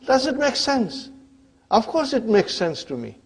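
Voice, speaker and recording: A man teaching Arabic grammar to a class in English, often stopping to ask whether the students follow, and spelling out grammar terms slowly. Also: very high-pitched, very animated, breathy edge. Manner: checks in with students constantly, asking "huh?" and "are you with me?".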